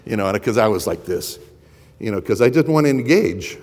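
A man's voice: fairly low pitch, expressive, brisk, a little mellow, big-room sound. A man preaching a sermon and telling a personal story, rambling and stumbling over the first words of his sentences. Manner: rambling, repeats words when starting sentences.

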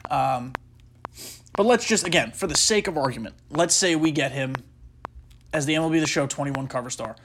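A man's voice: medium pitch, fairly quick, fairly bright tone, slight background noise. A man hosting a podcast, chatting casually and rambling through speculation while he plays a baseball video game, often stopping mid-thought with fillers. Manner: rambling, self-interrupting, with frequent fillers. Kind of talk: casual gaming commentary and speculation.

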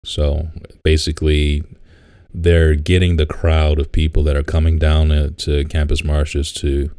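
A man's voice: extremely low pitch, completely flat delivery, measured pace, dark tone, clear, resonant tone, no echo, studio quality. A man co-hosting a podcast, telling stories in a laid-back, casual way, swearing and laughing often. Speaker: podcast co-host. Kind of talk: casual chat.

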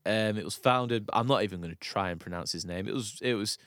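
A man's voice: lowish voice, fairly quick, a bit bright, no echo. Rambling young man, dry close mic. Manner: rambling, laughing storyteller with many restarts. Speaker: podcast co-host. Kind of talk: casual chat.

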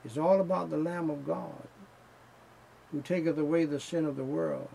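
A man preaches a sermon slowly and emphatically, with his fervor rising. His voice is gravelly and sits a little high for a man. A faint hiss runs underneath. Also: dark tone, low-quality recording.

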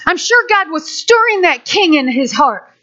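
A woman preaching in an animated way, acting out the story as she goes. Her voice sits high and bright. The recording sounds dull and lo-fi. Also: normal speed. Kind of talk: sermon.

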